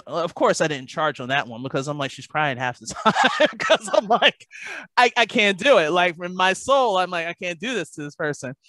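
A woman math tutor in a podcast conversation, telling lively stories and acting out the parents and kids she works with. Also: on the low side, no echo. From Baltimore, Maryland. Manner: animated storyteller, acts out parents and kids.

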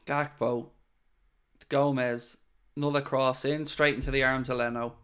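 A man's voice: mid-range voice, little pitch movement, a little slow, smooth. A man hosting a live football watchalong, narrating the play and reacting with frequent swearing. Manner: swings from gloomy muttering to euphoric shouting, swears freely. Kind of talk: live match commentary and reaction.

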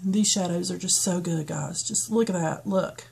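A woman's voice: lowish voice, moderate pace, gravelly, darkish tone, breathy edge. A woman with a toned-down North Carolina foothills accent, chatting casually and rambling through a get-ready-with-me beauty vlog. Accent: Southern US, North Carolina foothills, toned down. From western North Carolina, US. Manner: chatty, rambling, frequent ums and restarts. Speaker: beauty vlogger.

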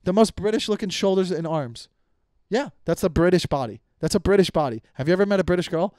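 A young man rants on his comedy podcast in a slightly high voice, swearing freely and tripping over his own sentences as he restarts them. The sound is close and dry, with no room around it. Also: expressive, fast talker, darkish tone, no room sound. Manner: profane, rambling with many restarts. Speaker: podcast host. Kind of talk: casual comedic rant.

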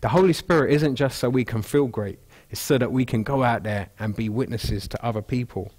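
A man's voice: mid-range voice, a little fast, darkish tone. A man preaching an expository sermon in a church, talking casually and acting out people's thoughts in quotes, on a wireless mic through the speakers. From England. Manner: conversational, acts out quoted thoughts. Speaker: pastor. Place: church hall.

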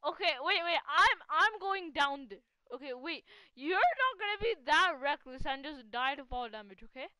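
She's a gaming channel host doing relaxed live commentary, full of excitement and frequent laughter while she ribs a teammate. Her voice sits high at a moderate pace, and the audio has no echo.

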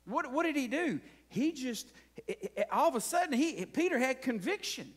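A man's voice: very high voice, very animated, moderate pace. A man preaching a conversational sermon as pastor, asking the congregation frequent rhetorical questions.

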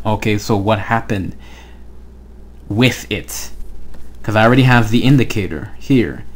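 A man with a low voice talks slowly and patiently through a language lesson. He explains each step, pauses often, and checks that his students follow. It sounds like a recorded online class. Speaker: Hebrew teacher.

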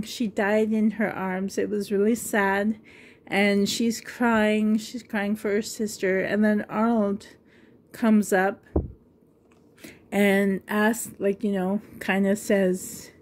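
A woman's voice: mid-range voice, little pitch movement, slow. A middle-aged woman vlogging in a casual, rambling way, chatting to camera and laughing often.

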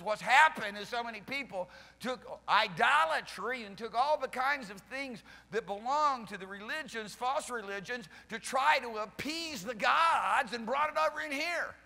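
A male pastor preaching a charismatic sermon at a church service, fervent, swinging from loud shouts to soft pleading. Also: very high voice, long reverb tail. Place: church sanctuary during a service.

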